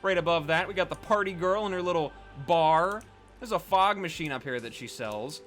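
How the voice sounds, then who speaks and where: A man rambles through a casual let's play, chatty and full of fillers. His voice sits a little high and sounds bright and sharp. Soft game music plays faintly underneath. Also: moderate pace. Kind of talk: casual gameplay commentary.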